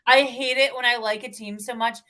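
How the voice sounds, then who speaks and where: A woman guest chatting excitedly about football, animated and expressive. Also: fairly high pitch, fairly quick. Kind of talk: casual chat.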